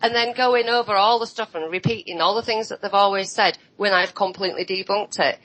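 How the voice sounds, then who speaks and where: A woman chatting on a roundtable in a blunt, sarcastic way, slipping into mocking voices for the people she quotes. Her pitch sits in a middle range for a woman. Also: brisk, fairly bright tone, low-quality recording. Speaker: roundtable guest. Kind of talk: casual online roundtable chat.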